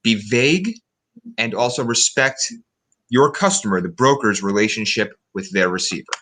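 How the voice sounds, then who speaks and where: A man guest giving calm, measured advice in an interview. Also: on the low side. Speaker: guest, broker instructor.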